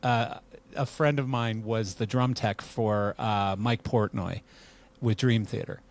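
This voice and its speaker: A middle-aged man hosting a podcast, telling an anecdote in a relaxed way and laughing as he acts out quoted lines. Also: fairly low pitch, slow. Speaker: podcast host. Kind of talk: casual storytelling interview.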